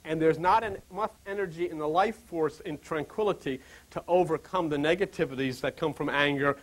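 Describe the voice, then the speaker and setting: A man's voice: on the high side, fairly quick, poor audio. A man giving an informal spiritual lecture to a small group, rambling, chuckling through joking asides and putting questions straight to his listeners. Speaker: spiritual teacher.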